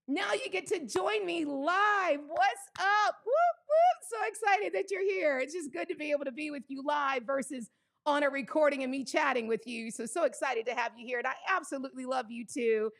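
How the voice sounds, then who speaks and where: An exuberant woman hosts a live stream, calling out greetings to viewers with whoops and laughter. Her voice sits high, with a gravelly fry running through it. She talks casually, often saying "y'all.". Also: moderate pace, a bit bright. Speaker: livestream host.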